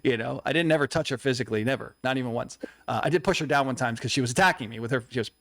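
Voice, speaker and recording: Speaking rapid-fire in a mid-range voice with a fairly bright tone, this young co-host earnestly confesses a personal story. He voices the quoted lines of others as he goes. There is no room sound.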